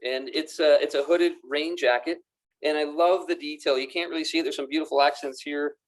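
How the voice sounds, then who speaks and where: A man's voice: on the high side, fairly even intonation, brisk. A man presenting golf apparel on camera in a pro shop, enthusiastic and chatty, often repeating his words as he goes. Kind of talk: casual product demonstration to camera. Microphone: camera mic, moves around the room.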